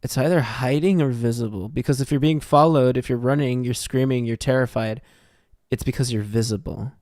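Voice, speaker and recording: A man's voice: mid-range voice, fairly even intonation, brisk, darkish tone, no echo, clean studio sound. A young man live-streaming a horror game, thinking aloud and joking as he works through puzzles. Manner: talks to himself while puzzling things out, joking. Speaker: gaming streamer. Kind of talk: casual live game commentary.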